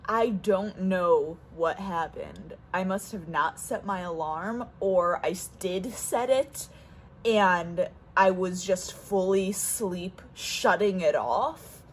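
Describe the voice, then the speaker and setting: A woman's voice: on the low side, takes it slowly, slight background noise. Chatty young woman vlogging at home. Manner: chatty, rambling, many fillers. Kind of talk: casual vlog chat. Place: home, on the stairs.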